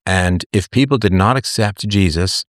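A low-voiced man hosting a livestream chats at a moderate pace and reads out comments, joking at his own expense. He meanders, often using fillers and restarting sentences, in studio-quality audio with no room sound.

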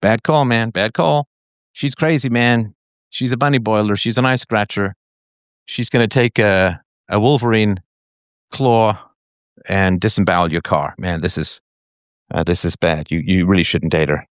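A man's voice: on the low side, steady tone, normal speed, smooth, no room sound, clean studio sound. A man giving a sarcastic, theatrical solo monologue to his audience. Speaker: commentator.

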